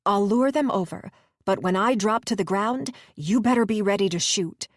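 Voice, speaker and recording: A woman's voice: mid-range voice, normal speed, no echo, clean studio sound, lightly acted. A woman voicing a desperate, defiant female journalist and mother who speaks in an urgent, commanding way. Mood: determined.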